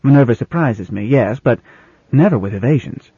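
A man reading an audiobook as a first-person narrator, in measured, plain storytelling. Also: mid-range voice, lively intonation, dark tone, slightly rough, dry recording, highs cut off.

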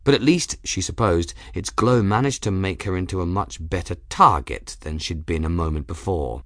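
A man reading a fantasy story aloud as narrator, in a measured storytelling delivery. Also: low-pitched, a bit bright, no room sound, clean studio sound. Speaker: audiobook narrator. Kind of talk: scripted narration.

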